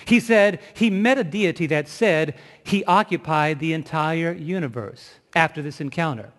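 A man with a high, carrying voice delivers a sermon, telling a story with emphasis and turning to the audience with questions. His voice rings through a large hall with a long, lingering reverb. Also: moderate pace. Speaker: preacher.

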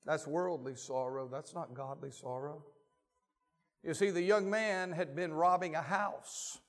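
A man delivers a sermon, moving between read scripture passages and told anecdotes. His voice sits fairly high for a man. He acts out the quotes in his stories. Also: a little slow. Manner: reads scripture aloud, then tells stories with lively voiced quotes. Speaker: pastor.

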